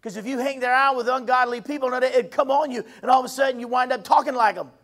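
A male preacher with a strikingly high-pitched voice delivers a sermon. He hammers his points by repeating phrases, rising to shouts and then dropping to hushed asides. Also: fast talker. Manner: emphatic, repeats phrases, swings between shouting and quiet.

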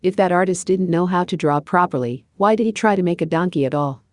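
A woman's voice: on the low side, quick pace, dry recording, close to an everyday voice. A woman voicing a clumsy, grumbling male donkey with an indignant manner. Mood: angry.

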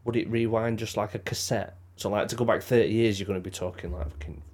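Chatty trucker, lowish voice. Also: male voice, steady tone, fast, a little mellow. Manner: rambling, jokey, swears. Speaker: podcast co-host, lorry driver. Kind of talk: casual banter.

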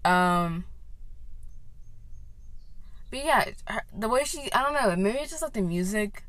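A woman's voice: mid-range voice, animated, unhurried, fairly bright tone, no echo. A young woman in a casual vlog chat, rambling and often interrupting herself as she recommends other creators. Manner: rambling, self-interrupting, off-track.

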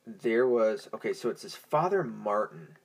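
A man's voice: fairly low pitch, expressive, measured pace, creaky, husky. A young man hosting a podcast in a casual, profane, rambling monologue, stoned and easily distracted. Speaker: podcast host.

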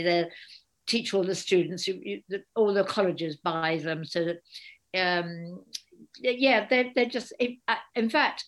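An older woman, a guest author chatting in an interview, an animated storyteller who acts out the voices of people she quotes. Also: fairly low pitch. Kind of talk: casual interview chat.

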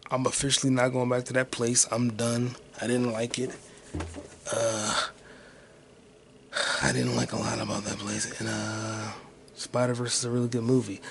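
A man's voice: mid-range voice, steady tone, measured pace, long pauses, slight background noise. A man hosting his own podcast solo, rambling casually and profanely while muttering to himself as he searches online. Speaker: podcast host.

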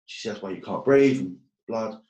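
A man's voice: lowish voice, moderate pace, warm tone, reverberant, dull audio. A man telling his story as a guest, blunt and swearing often, joking about hard times. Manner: blunt, swears a lot, jokes about hardship. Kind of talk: casual storytelling.

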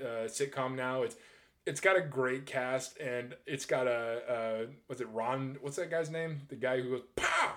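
A man in his twenties talking casually and excitably, rambling through his thoughts with frequent restarts and casual swearing. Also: medium pitch. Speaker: movie reviewer. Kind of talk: casual ranking chat.

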